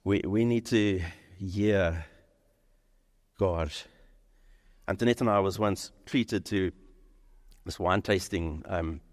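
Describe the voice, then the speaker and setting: A male pastor preaching a sermon, animated, acting out the lines of the people in his story. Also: low voice, slow, pauses often. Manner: animated, acts out dialogue in quoted voices. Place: church sanctuary. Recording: reverberant church hall.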